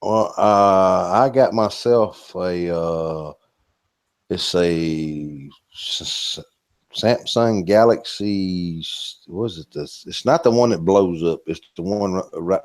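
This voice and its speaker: A man's voice: deep voice, takes it slowly. A man with a Southern US accent, co-hosting a live stream in a casual, joking drawl that swears now and then.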